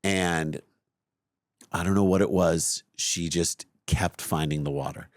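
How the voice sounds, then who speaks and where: A middle-aged man co-hosting a podcast, telling a long story in a lively, self-mocking way. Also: low voice, takes it slowly, dry recording, clean studio sound. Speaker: podcast co-host. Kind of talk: casual chat, storytelling.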